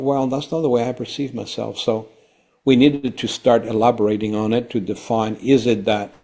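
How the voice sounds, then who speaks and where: On a conversational podcast, a man who founded a company lays out his ideas with emphasis, his volume rising as excitement builds. He speaks at a medium pitch.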